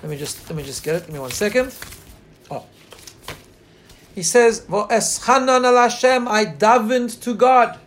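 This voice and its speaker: Guy with a high voice teaching torah, tells the midrash earnestly, draws out the quotes slow. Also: a little hiss or hum. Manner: pauses to share screen and look up text. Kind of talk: Torah class.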